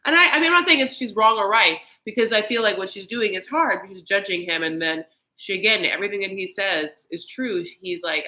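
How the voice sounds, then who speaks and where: A woman's voice: mid-range voice, a little fast, pushed and bright, poor audio. A woman hosting a casual reality-TV recap chat, chatty and campy, slipping into exaggerated voices to mimic people. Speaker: host.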